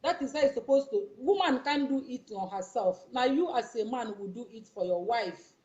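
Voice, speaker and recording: A Nigerian woman with a fairly high yet mellow voice walks her viewers through a demonstration, repeating herself and coaxing them along. The recording sounds dull and lo-fi. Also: expressive, moderate pace. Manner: repetitive, coaxing, keeps checking the viewer follows. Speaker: YouTuber. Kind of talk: casual instructional demonstration.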